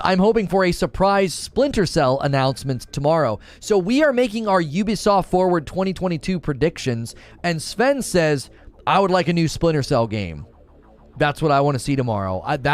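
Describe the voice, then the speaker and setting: A man hosting a live gaming stream, reading chat messages and arguing his views with rhetorical questions. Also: fairly high pitch. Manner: opinionated, explains with rhetorical questions.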